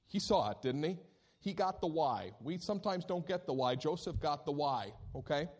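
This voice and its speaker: A man preaching a sermon as pastor, telling a scripture story with animated delivery and acted-out moments. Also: on the high side, moderate pace, husky. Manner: animated storytelling, acting out scenes.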